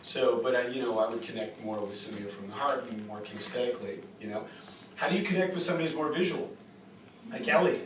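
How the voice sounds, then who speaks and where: A man's voice: mid-range voice, quick pace. Chatty man lecturing in an echoey room. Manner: animated, chatty, rhetorical "right?". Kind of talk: informal lecture with storytelling. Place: group retreat room. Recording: echoey room, distant mic, faint hiss.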